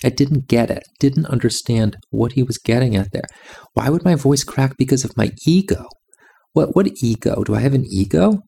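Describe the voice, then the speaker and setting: A man's voice: mid-range voice, expressive, moderate pace, vocal fry, dark tone, husky. A man giving a reflective monologue about music and meditation, insistent and repeating his phrases.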